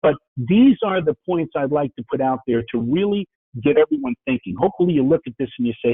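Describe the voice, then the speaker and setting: A man from New York with a New York accent, giving a fast-paced webinar presentation and checking in with "right?" and "okay?" as he goes. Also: a little high, sing-song. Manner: fast-talking, frequent "right?" and "okay?" asides. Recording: phone-like, dry, husky sound.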